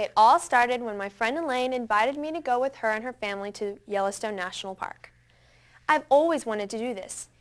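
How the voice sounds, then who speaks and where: A woman performing a scripted first-person monologue in a chatty, dramatic way, full of casual fillers. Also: a little high. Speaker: storyteller.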